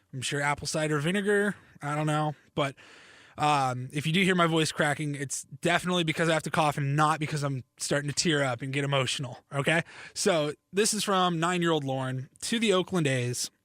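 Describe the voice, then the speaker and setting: Chatty slightly hoarse young man host. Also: on the high side, fairly quick, fairly bright tone, dry recording, clean studio sound. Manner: chatty, self-deprecating, stammers and restarts. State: slightly hoarse, needs to cough. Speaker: podcast host. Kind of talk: casual sports podcast monologue.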